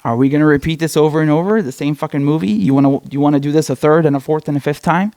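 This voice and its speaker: A man's voice: fairly high pitch, very fast, a little mellow, no room sound. Profane, fired-up male political ranter. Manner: profane, angry, lecturing directly to viewers. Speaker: political commentator, show host. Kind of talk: impassioned political rant.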